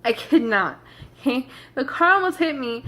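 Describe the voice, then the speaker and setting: A young woman telling a storytime vlog in a chatty, rushed way, talking straight to her viewers. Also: high voice, lively intonation, bright, forceful tone. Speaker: vlogger.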